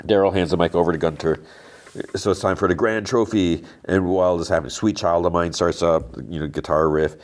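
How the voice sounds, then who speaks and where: Deep-voiced guy on a podcast rambling thru a tv recap, lots of "he's like". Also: fairly even intonation, fairly quick. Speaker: podcast host. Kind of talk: casual TV episode recap.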